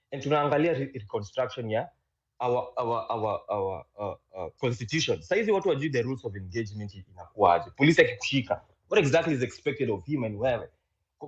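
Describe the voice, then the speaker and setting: A Kenyan man rants casually, his voice fairly high and rising and falling a lot. He mixes Swahili and English and keeps restarting his words. The lo-fi stream makes him sound dull. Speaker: speaker in a live audio room. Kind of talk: casual rant.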